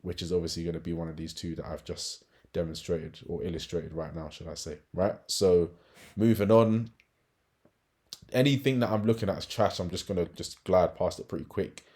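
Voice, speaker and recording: A man's voice: low-pitched, steady tone, normal speed, a little mellow. A man giving a casual market analysis walkthrough as a trading educator, chatty, with frequent tag questions and fillers.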